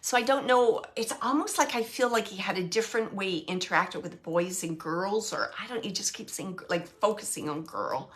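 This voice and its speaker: A woman working as a psychic medium, relaying messages in a halting way, repeating herself and dropping into whispered asides. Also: mid-range voice, animated. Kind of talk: live spirit reading.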